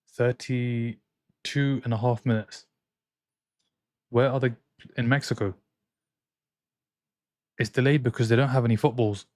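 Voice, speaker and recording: A man's voice: mid-range voice, darkish tone, no room sound. Man chatting on a live stream, dry sound. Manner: reads out and answers viewer chat, opinionated banter. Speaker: football watchalong streamer. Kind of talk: casual live-stream chat. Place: home streaming room in France.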